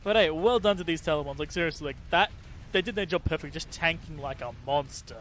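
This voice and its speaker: A man casting a game tournament, excitable and laughing often, catching and correcting his own slips. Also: a little high, fast, a little hiss or hum. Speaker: tournament caster. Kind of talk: casual game commentary.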